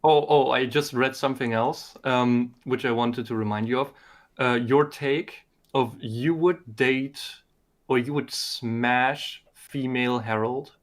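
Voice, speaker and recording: A man's voice: medium pitch, fairly even intonation, unhurried. Hesitant man co-hosting a stream. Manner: hesitant, stammering restarts. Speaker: co-host reading questions. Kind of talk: casual live-stream chat.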